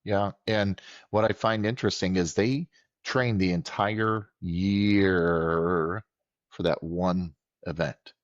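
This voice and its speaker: A man co-hosting a podcast, answering in a slow, thoughtful, agreeable way. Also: low voice, steady tone, no room sound, highs cut off. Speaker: podcast co-host. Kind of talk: casual podcast chat.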